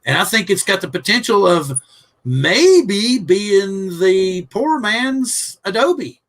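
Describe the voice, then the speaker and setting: A man's voice: high-pitched, sing-song, slow, a bit bright. A man hosting a casual livestream chat, rambling earnestly and often restarting his sentences. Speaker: host.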